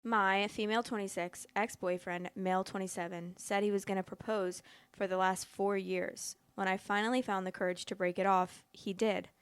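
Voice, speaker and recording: Woman narrator, flat smooth read, dry close sound. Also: medium pitch, normal speed, dry recording. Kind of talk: reading a written post aloud.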